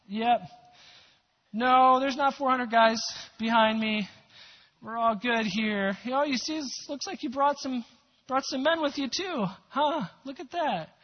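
A man's voice: very high voice, unhurried, big-room sound, pitched above the performer's own voice. Man playing a breezy bluffing young warrior. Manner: casual, falsely cheerful. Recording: dull lo-fi recording.

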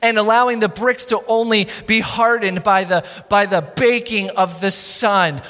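A male pastor delivers a conversational sermon in a high voice. He slips in wry asides and punches his rhetorical questions hard. Long reverb from the church sanctuary trails each phrase. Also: measured pace, few pauses, sharp tone.

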